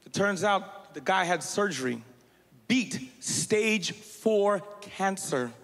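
A male stand-up comedian performing a set on stage, shouting punchlines over audience laughter. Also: high-pitched, animated, slow pace. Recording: live hall with long reverb.

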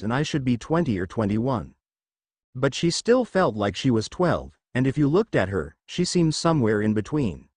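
A man reading a first-person fan fiction story aloud in a casual, lively way. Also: mid-range voice, moderate pace, dry recording. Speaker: narrator.

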